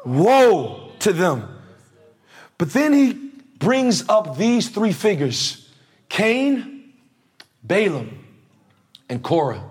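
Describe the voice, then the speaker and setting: High-voiced energetic male preacher. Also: slow pace, long pauses. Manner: energetic, preaching with calls to the congregation. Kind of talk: sermon. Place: church before a congregation.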